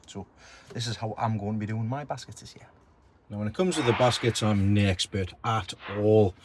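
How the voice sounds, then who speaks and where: Outdoors on his garden and allotment, a man with a fairly low voice vlogs about gardening at a moderate pace, with background noise around him. He keeps it chatty and self-deprecating as he talks about his plants.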